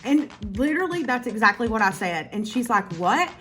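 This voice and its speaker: A woman telling a casual storytime to her viewers, animated and full of profanity. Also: a little high, brisk, soft background music. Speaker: YouTuber.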